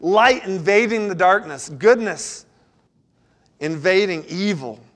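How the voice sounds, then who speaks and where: A male pastor delivering a sermon in an earnest, steady way. His voice sits a little high for a man, and he moves between reading scripture aloud and voicing heartfelt pleas. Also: takes it slowly. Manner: earnest, pleading when voicing prayers.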